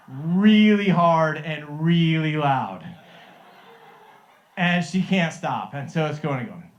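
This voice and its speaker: A middle-aged man with a voice a little higher than most men's tells a faith story to a live group. He is earnest and chuckles often, stumbling over restarts as he speaks. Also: animated, slow, pauses often, highs cut off. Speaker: Christian life coach sharing a testimony.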